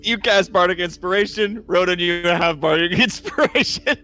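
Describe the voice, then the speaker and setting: A man's voice: high-pitched, normal speed, sharp tone, soft background music. A man narrating as game master, laughing often and loose with his words, with many ums and restarts.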